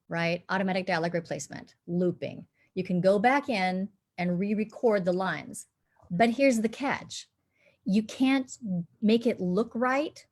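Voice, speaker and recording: Woman, dialect coach, animated explainer; demonstrates accents mid-sentence. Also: mid-range voice. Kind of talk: live panel discussion.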